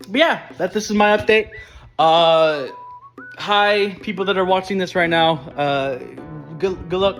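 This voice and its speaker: A young man giving a casual video diary update, excited and rambling with lots of fillers and restarts. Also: a little high. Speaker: vlogger planning a party.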